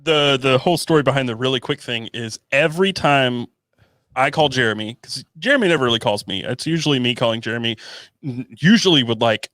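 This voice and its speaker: A man's voice: medium pitch, fairly quick, fairly bright tone, dry recording, clean studio sound. A man co-hosting a live podcast in casual chat, telling teasing stories about his friend. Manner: teasing storyteller. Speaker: podcast co-host.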